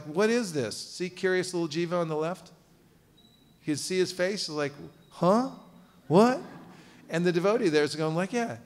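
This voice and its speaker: A man with a slightly raised voice teaches a seminar to a live audience. He is playful and animated, calls on listeners, and has them chant key phrases back to him. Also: on the high side. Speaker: seminar teacher on book distribution. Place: seminar room at a cultural center.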